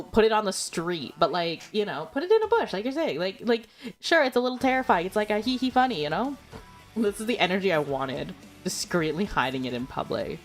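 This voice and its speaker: A woman streamer chatting casually with viewers, giggling often and filling her talk with "like" and "you know.". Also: medium pitch. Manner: chatty and giggly, full of filler words. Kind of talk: casual chat.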